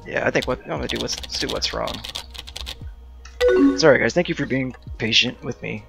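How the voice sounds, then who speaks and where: A man's voice: medium pitch, brisk, gravelly, over music. A young man live-streaming a game, chatting casually and thinking aloud as he reads out dialogue choices.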